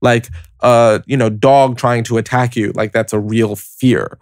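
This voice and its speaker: A man's voice: medium pitch, measured pace, dry recording, studio quality. A man hosting a motivational podcast, talking casually and directly to the listener with lots of "like" and "you know". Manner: lively, conversational, heavy use of "like" and "you know"; explains step by step, addressing listener directly. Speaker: podcast host.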